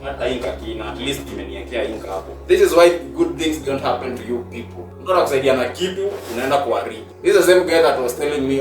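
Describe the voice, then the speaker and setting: A Kenyan man vents in frustration while filming his vlog, standing back from the mic in a roomy, echoing space. Music plays clearly behind him. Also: medium pitch, animated, fast, few pauses, recorded from a distance. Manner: frustrated venting, mixing English and Swahili. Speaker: vlogger. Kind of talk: casual on-location vlog talk.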